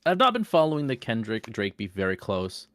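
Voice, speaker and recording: A man's voice: mid-range voice, huge pitch swings, no room sound, clean studio sound. A man running a tabletop game as game master, chatting playfully with his players before the session and drawing out his punchlines. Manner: playful, jokey, drawn-out emphasis. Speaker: dungeon master. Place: home setup for an online stream.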